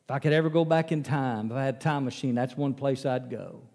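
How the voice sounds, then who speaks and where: A male preacher telling a Bible story in a folksy, animated sermon. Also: medium pitch, quick pace. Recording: long reverb of a large hall.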